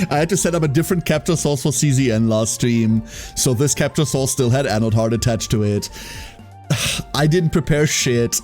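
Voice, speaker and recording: Lively German man chatting on stream. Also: mid-range voice. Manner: animated, laughs often, repeats phrases, answers chat. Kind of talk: casual live-stream chat reading chat.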